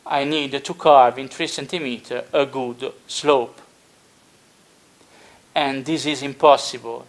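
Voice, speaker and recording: Male tutorial narrator, unhurried and hesitant, mid-pitched and thoughtful. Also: steady tone. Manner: slow and deliberate, many filler pauses. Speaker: hobbyist model builder explaining his build.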